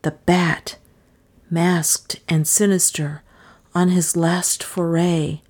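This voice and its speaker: Female audiobook narrator, low and slow, measured delivery. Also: level tone, a little mellow, breathy edge. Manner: measured, unhurried reading that voices the characters' lines. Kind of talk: scripted narration.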